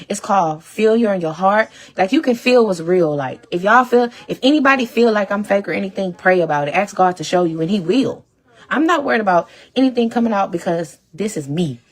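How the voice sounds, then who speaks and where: A woman content creator pours out an emotional, rambling rant straight to her followers, pleading and swearing. She talks fast and restarts often, with sudden swings in intensity. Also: mid-range voice, expressive. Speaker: social media content creator. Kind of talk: emotional direct-to-camera rant.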